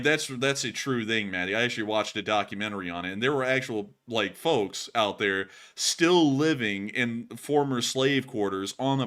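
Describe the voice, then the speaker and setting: Young southern guy hosting a livestream, bright voice, gets loud and animated. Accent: Southern American. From Alabama. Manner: animated, mocks voices with loud pitch jumps. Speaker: host. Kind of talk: casual livestream chat.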